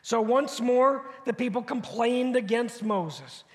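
A man in his fifties preaching to his congregation in an easy, conversational way, leaning on rhetorical questions and repeated phrases. His voice sits unusually high for a man. The sound rings with the long reverb of a church sanctuary. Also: animated, slow. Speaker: pastor. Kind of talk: sermon.

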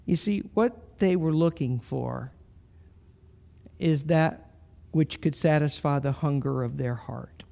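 Slow gravelly-voiced male pastor. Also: fairly high pitch. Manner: slow, storytelling, earnest with soft pauses. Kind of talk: sermon.

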